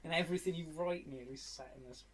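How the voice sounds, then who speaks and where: A man's voice: on the high side, fast, a crowd in the background. A man co-hosting a casual alternate film commentary, laughing often and swearing freely.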